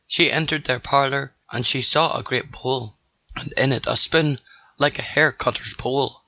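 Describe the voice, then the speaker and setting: A man with a gravelly voice narrating a rhymed storybook in a sing-song delivery. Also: mid-range voice, steady tone, normal speed, pushed and bright, muffled recording.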